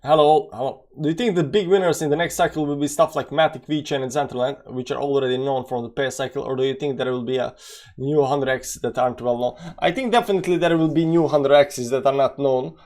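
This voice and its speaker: A young man hosting a daily live-streamed market show, chatting casually, greeting viewers by name and filling pauses with "you know". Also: medium pitch, darkish tone. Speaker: crypto market show host.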